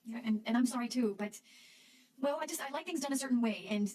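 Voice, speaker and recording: A woman's voice: on the high side, quick pace, darkish tone, close to an everyday voice. An actress playing a woman head chef who hesitantly lets a cook go, stammering and apologetic. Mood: awkward. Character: woman head chef, awkwardly firing then rehiring a cook.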